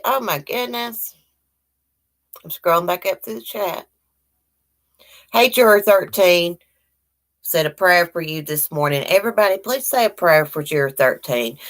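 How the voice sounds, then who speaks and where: Middle-aged woman, deep-ish voice, chatty livestream host who rambles and shouts out viewers. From Virginia, US. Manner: chatty, greets viewers by name, warm and rambling. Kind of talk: casual live-chat morning talk.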